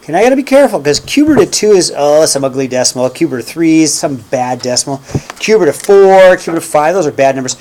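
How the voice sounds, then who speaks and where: Male math teacher, higher voice. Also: big pitch swings, quick pace, darkish tone. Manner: checks in constantly with "okay?" and "right?"; counts steps aloud while graphing. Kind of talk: classroom lecture. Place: classroom.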